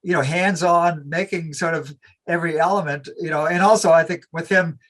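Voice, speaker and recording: A man's voice: fairly high pitch, fairly even intonation, a little fast, a bit bright. A man in casual podcast conversation who speaks hesitantly, with many fillers and "you know"s.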